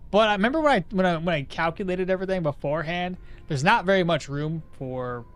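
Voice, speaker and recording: A man streaming a game live, chatty and excitable, explaining his build and answering his chat. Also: high voice. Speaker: gaming streamer. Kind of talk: live gameplay commentary.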